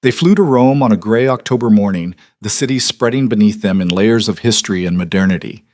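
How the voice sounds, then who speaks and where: A man narrating a romance audiobook in a calm, measured way. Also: on the low side, no echo, studio quality.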